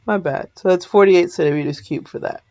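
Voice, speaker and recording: A woman's voice: fairly low pitch, fairly quick, dark tone, muffled recording. A woman math teacher talking through a recorded lesson in a sleepy, yawning, casual way, often stopping to apologize and correct herself.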